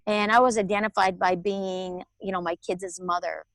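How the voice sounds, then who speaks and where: A woman, telling her personal story as an interview guest in a candid, animated way. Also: medium pitch, moderate pace, dry recording. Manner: candid, animated storytelling with laughs and acted-out quotes. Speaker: guest, author and alternative healer.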